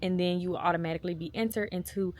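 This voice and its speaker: A woman's voice: fairly low pitch, fairly even intonation, rapid-fire, a little mellow. A woman, chatting casually to viewers in a vlog and telling family stories. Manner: chatty, storytelling, addresses viewers as y'all. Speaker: vlogger and mother.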